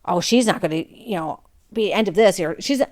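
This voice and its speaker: A woman's voice: medium pitch, expressive, a little fast, darkish tone, close to an everyday voice. A woman voicing an angry teenage boy. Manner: accusing, indignant.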